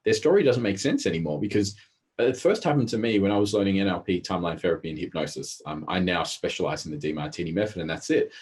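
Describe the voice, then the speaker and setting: Deep-voiced, husky man guest, rapid and animated. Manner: fast, animated storytelling. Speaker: interview guest, behavioural specialist. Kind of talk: casual interview talk.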